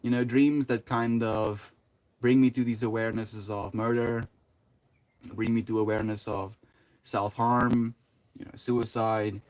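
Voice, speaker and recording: A man's voice: fairly low pitch, level tone, measured pace, darkish tone. Laid-back rambling male streamer. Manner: rambling, laid-back, full of "like", "you know" and "dude". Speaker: livestreamer. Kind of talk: casual livestream chat, reading and answering chat.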